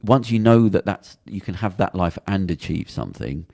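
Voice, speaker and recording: A British man hosts a casual podcast in a deep, dark voice full of gravel. He talks fast and bluntly, swearing as he rambles from point to point. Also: lively intonation. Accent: British English. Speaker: podcast host.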